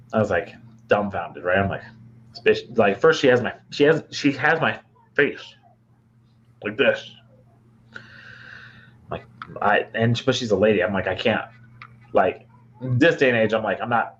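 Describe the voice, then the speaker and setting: Young michigan guy cohosting a pod, lowish voice, rambly, says like a ton, muffled lo-fi sound w/ faint hiss. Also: fairly bright tone. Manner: rambling, many fillers and restarts. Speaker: podcast co-host. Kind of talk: casual storytelling chat.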